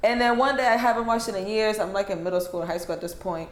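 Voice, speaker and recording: A woman's voice: mid-range voice, fast. Woman podcast host telling a story, laughs a bunch, cusses, roomy echo. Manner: animated storyteller, profane, laughs often. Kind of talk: casual chat. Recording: echoey room.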